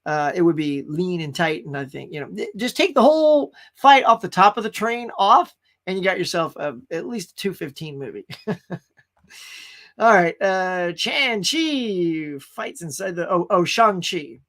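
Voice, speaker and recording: A man's voice: high-pitched, normal speed, fairly bright tone. A man hosting a casual pop culture live stream, rambling enthusiastically about movies and greeting viewers in the chat.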